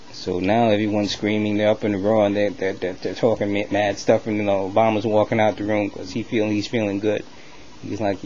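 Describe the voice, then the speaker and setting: A man telling a comic story to the camera in a loose, rambling, animated way. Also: lowish voice, normal speed, muffled recording, a little hiss or hum. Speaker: comedy vlogger.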